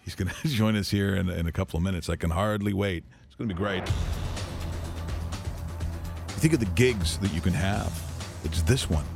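A man's voice: low-pitched, normal speed, creaky, pauses often, a little mellow, faint music behind. A male radio host who interviews a guest in an eager, rambling way, with many restarts. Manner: enthusiastic, rambling, lots of restarts.

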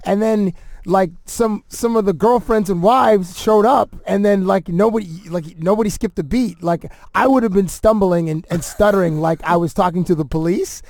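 A man's voice: high-pitched, gravelly, a little mellow, no room sound, studio quality. A man hosting a podcast in casual chat, rambling and laughing easily with his guests. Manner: laid-back, rambling, quick laughs. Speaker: podcast host.

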